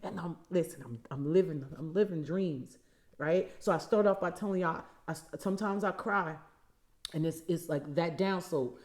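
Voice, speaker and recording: A woman's voice: fairly low pitch, moderate pace. A woman in her forties giving an emphatic motivational talk as a coach, often repeating key phrases and calling listeners y'all. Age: 40s. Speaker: vision and empowerment coach.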